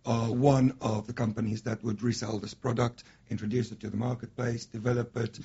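A man being interviewed as a guest on a radio show, explaining his business in a measured way with fillers. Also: mid-range voice, little pitch movement, mellow, slightly rough. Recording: dull lo-fi radio recording.

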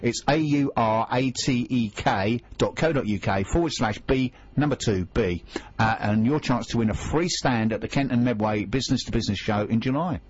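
A man's voice: medium pitch, normal speed, breathy edge, muffled recording. A man co-hosting a radio show in casual chat, reading out tweets and spelling out web addresses.

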